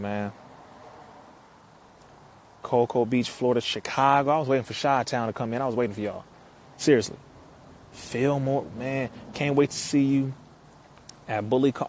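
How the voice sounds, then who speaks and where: Lively man giving live-stream shout-outs. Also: medium pitch. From United States (Compton, California). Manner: lively, reads out viewers' locations and gives shout-outs; laughs often, with loud outbursts. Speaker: speaker on a live stream greeting viewers. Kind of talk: casual live-stream talk.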